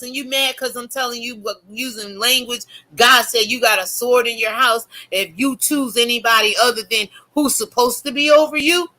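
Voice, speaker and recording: Middle-aged woman, forceful bright voice, preachy and profane online commentary. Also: fairly high pitch, normal speed. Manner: fiery, cursing, preachy. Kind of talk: profane religious rant.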